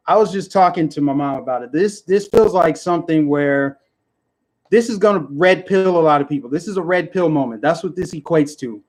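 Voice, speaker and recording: An angry man on a livestream, his voice sitting a little higher than most men's. He rants in heated bursts and circles back to the same points. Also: a little fast, darkish tone. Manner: heated, indignant, repetitive. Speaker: livestream vlogger. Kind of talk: angry political livestream rant.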